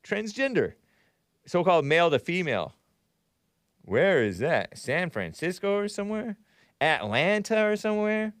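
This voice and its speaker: Man, show host, rambling commentary, sarcastic asides, frequent chuckles, animated pitch, dry close sound. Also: normal speed, pauses often, dry recording. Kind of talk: live commentary show, reading chat.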